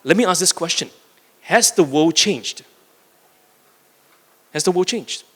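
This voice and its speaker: A man's voice: high voice, expressive, takes it slowly, a bit bright, voice pushed up, full character voice. A man voicing a contented little male frog in a told story, speaking with cheerful wonder in a reverberant hall.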